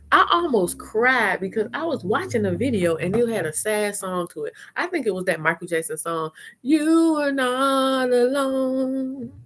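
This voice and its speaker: A middle-aged woman hosting a live chat, telling stories in a frank, animated way and acting out her own reactions. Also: lowish voice, a little hiss or hum. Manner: frank and salty, with slangy talk. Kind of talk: casual live-stream storytelling.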